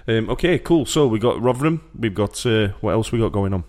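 A man's voice: lowish voice, expressive, fairly quick, darkish tone. A young man with a Sheffield accent co-hosting a casual podcast, chatty, laughing often and repeating himself. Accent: Sheffield English. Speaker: podcast co-host. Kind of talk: casual chat.

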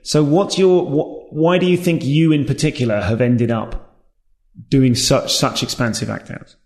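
A man's voice: mid-range voice, steady tone, a little slow, darkish tone, reverberant. A male podcast host asking long, enthusiastic questions. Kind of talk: interview questions.

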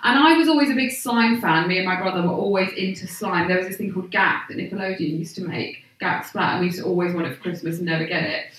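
A woman's voice: lowish voice, quick pace, few pauses, fairly bright tone. A woman comedian chatting as a guest, rambling and giggly, poking fun at herself. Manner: giggly, rambling, self-deprecating. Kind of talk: casual chat. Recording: echoey live room from far off.

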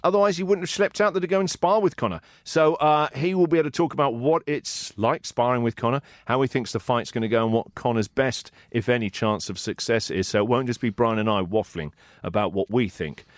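A man's voice: medium pitch, brisk, dry recording, clean studio sound. A man co-hosting a podcast, bantering and joking, often laughing. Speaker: podcast co-host. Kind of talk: casual banter.

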